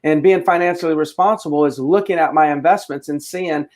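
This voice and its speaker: A man's voice: on the high side, fairly quick, a little mellow. A man co-hosting a real estate show, giving his opinions in a casual way and often restarting his sentences. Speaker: realtor co-host. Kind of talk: casual market discussion.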